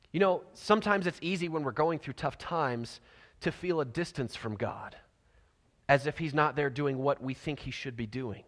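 A man preaching a sermon, telling the story with animated energy and dropping to soft near-whispers for emphasis. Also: on the high side. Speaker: pastor. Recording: long hall reverb.

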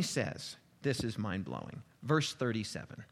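A man preaching a sermon, reading scripture aloud with dramatic swings from loud declaiming to hushed, quiet asides. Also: mid-range voice, huge pitch swings, measured pace, gravelly. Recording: long hall reverb.

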